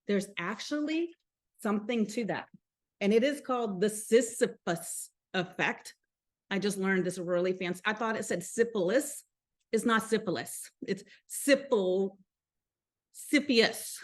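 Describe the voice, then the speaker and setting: A woman's voice: medium pitch, expressive, normal speed. A woman with a Southern accent hosting a live motivational talk, chatty and upbeat, speaking straight to her viewers. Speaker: host.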